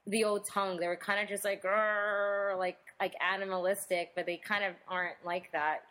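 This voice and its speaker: A woman co-hosting a podcast, talking casually and chattily with quick restarts. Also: fairly low pitch, fairly even intonation, a bit bright. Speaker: podcast co-host. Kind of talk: casual chat.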